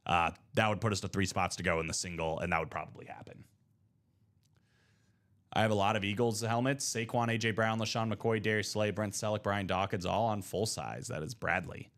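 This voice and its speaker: Laid-back low-voiced male stream host. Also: a bit bright. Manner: laid-back, joking, rambling banter. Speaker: host of a live trading card break stream. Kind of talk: casual live-stream chat.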